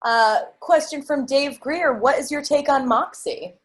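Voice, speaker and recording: A woman's voice: sits high, a little slow. A woman moderating a livestream Q&A, reading out audience questions plainly with brief fillers.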